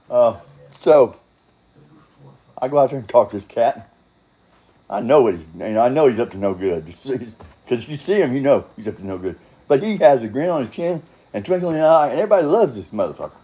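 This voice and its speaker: A man's voice: medium pitch, muffled recording. Blunt, profane older man rambling. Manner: blunt, profane, chuckling, drifts off on tangents. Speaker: vlogger telling his own story. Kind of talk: rambling casual monologue.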